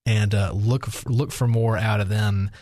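A man's voice: lowish voice, fairly even intonation, a little slow, darkish tone, no room sound, studio quality. A man, an attorney on a radio talk show, explaining legal advice step by step. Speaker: attorney guest.

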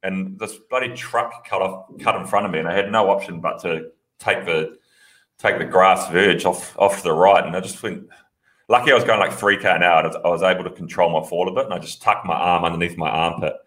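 A low-voiced man co-hosting a casual podcast. He rambles through his stories and pokes fun at himself. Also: brisk. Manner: relaxed, rambling, self-mocking. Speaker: podcast co-host. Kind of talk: casual banter.

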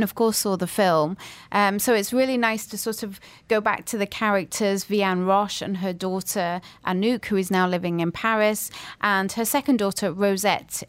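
A woman novelist talking about her books in a relaxed radio chat, with frequent ums. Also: medium pitch, no echo. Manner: chatty, many ums, thoughtful. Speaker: author guest. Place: Dubai.

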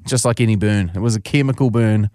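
A man's voice: on the low side, fast talker, a little mellow, no room sound, clean studio sound. A man co-hosting a podcast, telling crude anecdotes and laughing through them. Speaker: podcast co-host. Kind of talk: casual podcast storytelling.

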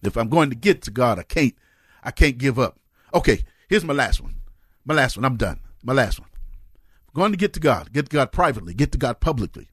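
A male pastor preaching a fervent sermon, sometimes shouting and half-singing his phrases. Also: medium pitch, very animated, moderate pace, long pauses, slightly rough, no echo, clean studio sound. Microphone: close mic on a cord.

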